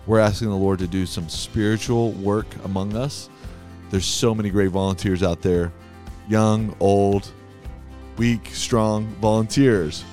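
A man's voice: lowish voice, fairly even intonation, unhurried, darkish tone, soft background music. A man hosting a church podcast in a studio booth, upbeat and laughing often in casual chat. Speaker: podcast host.

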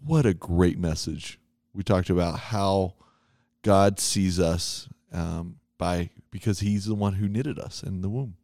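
A man's voice: low voice, a little slow, mellow, no room sound, clean studio sound. Upbeat man hosting a church podcast. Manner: upbeat, laughs often. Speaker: podcast host. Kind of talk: casual church podcast chat. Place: studio booth.

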